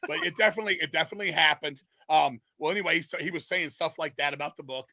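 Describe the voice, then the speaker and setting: Guy rattling off wild stories quick, cussing nonstop, bright sharp voice. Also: fairly high pitch, gravelly, a little hiss or hum, low-quality recording. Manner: profane, rambling, lots of swearing. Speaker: podcast guest, metal singer. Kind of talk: casual storytelling.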